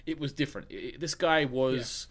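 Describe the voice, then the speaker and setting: This is a young man co-hosting a podcast and talking casually about films. He rambles and restarts his sentences often, and he fills the gaps with "um" and "uh". His voice sits at an ordinary middle pitch. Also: a little fast, fairly bright tone. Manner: rambling, many restarts and fillers. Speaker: podcast co-host. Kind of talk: casual film chat.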